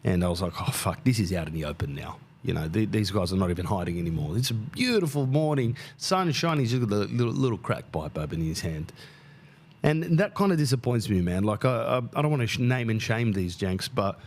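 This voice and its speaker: A man's voice: lowish voice, fairly quick. A man in his thirties, casually telling a travel story on his podcast, swearing freely and acting out the people he met. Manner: animated, swears freely, acts out quoted people. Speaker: podcast host.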